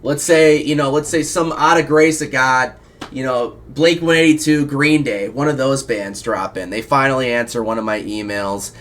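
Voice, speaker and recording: A man from Iowa hosting a casual interview show, rambling excitedly and swearing a lot. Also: medium pitch, moderate pace, a little hiss or hum. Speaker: show host. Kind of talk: casual profane chat.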